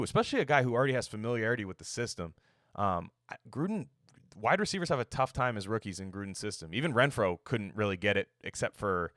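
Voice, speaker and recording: A man's voice: on the low side, a bit bright, no echo, clean studio sound. A young man hosting a casual sports commentary show, rambling, swearing and joking as he acts out coaches' quotes. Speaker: sports podcast host.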